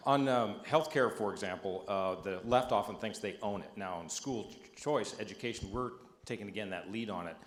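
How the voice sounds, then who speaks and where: Low-voiced man, echoey hall. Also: normal speed, hardly any pauses. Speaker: audience member asking a question. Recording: roomy echoing hall.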